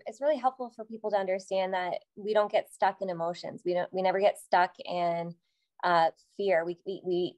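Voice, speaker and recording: A Canadian woman with a slightly low voice, speaking as a therapist guest on a podcast. She explains in a calm, steady way. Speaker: psychotherapist guest. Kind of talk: explanatory conversation.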